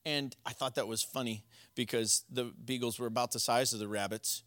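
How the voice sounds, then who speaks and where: A man's voice: medium pitch, fairly even intonation, moderate pace, fairly bright tone, no echo. A man preaching a sermon, telling stories in a plain, conversational way. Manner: conversational storytelling, plain folksy talk.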